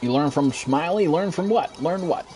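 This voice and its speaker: A man's voice: fairly high pitch, moderate pace, soft background music. A young American man streaming a shooter game, cursing constantly, ranting and reading out viewers' chat messages. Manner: profane, excitable, reads chat aloud. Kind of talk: live gameplay commentary.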